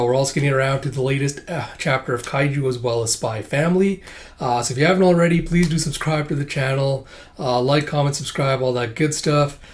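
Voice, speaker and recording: A man hosting a manga read-through channel, chatting casually and starting most phrases with "uh". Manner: filler-heavy, starts lines with "uh"; voices characters with big pitch jumps when reading dialogue. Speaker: manga reading channel host.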